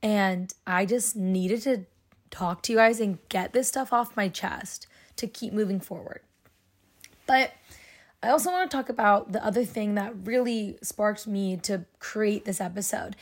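A young woman talks alone into her podcast mic in a medium-pitched, sensitive voice. She is earnest and open, and her sentences wander and restart around frequent fillers. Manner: earnest, rambling, heavy use of "like". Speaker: podcast host. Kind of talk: casual solo podcast talk.

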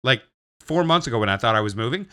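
A man's voice: mid-range voice, quick pace, smooth. A young man on a casual podcast, telling a long rambling, swearing story. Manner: rambling, swearing, animated retelling. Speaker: podcast co-host.

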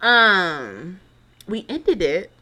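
Young woman spilling dating drama, super animated, low-ish bright voice, lots of likes and mind-yous. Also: very slow. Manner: chatty, dramatic, lots of fillers and asides. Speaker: podcast host. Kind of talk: casual storytelling monologue.

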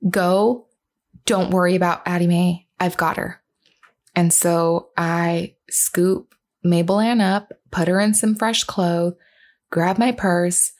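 A woman in her thirties with a lowish, creaky, darkish voice earnestly recounts a personal story as a mother. She retells what was said, using fillers and restarting sentences.

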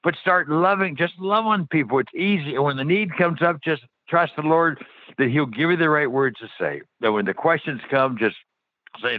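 A man's voice: on the high side, animated, moderate pace, no room sound. A passionate man tells faith stories as a radio guest. He talks eagerly and restarts his sentences often. His voice is dry and tinny, as if heard over a phone line. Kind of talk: faith testimony on a radio interview.

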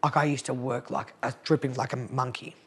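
A woman's voice: a bass voice, flat delivery, brisk, slightly rough. An Australian woman guesting on a podcast, telling stories from her cleaning business and acting out both sides of each conversation. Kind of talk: casual storytelling interview.

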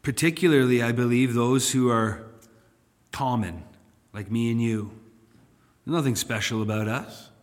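A male pastor leads a Bible study in a relaxed, conversational way. He turns louder and more emphatic when he reads scripture aloud. His voice sits at a middling pitch, and long reverb trails each phrase as in a big hall. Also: measured pace, long pauses.

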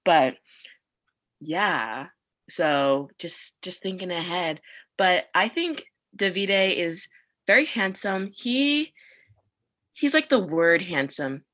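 A young woman co-hosting a podcast in casual chat, talking fast and laughing often. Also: fairly low pitch, expressive, fairly bright tone. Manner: chatty, laughs often, quick asides. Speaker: podcast co-host.

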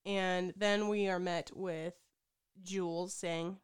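A woman's voice: lowish voice, fairly even intonation, slow, smooth. A woman co-hosting a casual chat, recapping a movie in a chatty, playful way with lots of "like". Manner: chatty, fillers like "like", playful asides. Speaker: podcast co-host.

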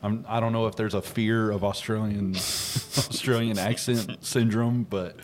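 A man's voice: fairly low pitch, flat delivery, a little slow, slight background noise. A man co-hosting a casual podcast chat, rambling and hesitant with lots of fillers. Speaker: podcast co-host.

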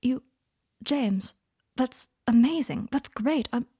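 A woman's voice: a little high, slow pace, warm tone, breathy edge, voice pushed up, heavily acted. A woman voicing a self-assured, teasing young man who performs on camera, in a fan-fiction audiobook reading. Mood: smug.

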